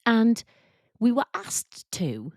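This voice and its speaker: A woman coach hosting a podcast, telling a personal story in a soft, reflective and openly emotional way. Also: fairly high pitch, wildly swooping pitch, takes it slowly, no room sound, clean studio sound. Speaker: podcast host and work confidence coach.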